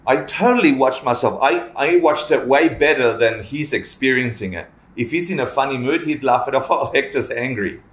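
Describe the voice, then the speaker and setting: A man's voice: mid-range voice, lively intonation, normal speed, hardly any pauses. A man teaching a casual Buddhist class, joking, swearing and acting out little scenes as he explains. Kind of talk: lively casual dharma class. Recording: echoey room.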